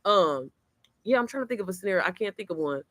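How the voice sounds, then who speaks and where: Bright animated woman vlogging. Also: mid-range voice, fast talker, dry recording, studio quality. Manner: animated, swearing, laughing storyteller. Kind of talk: casual chat to camera. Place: outdoors, then inside. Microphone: computer mic.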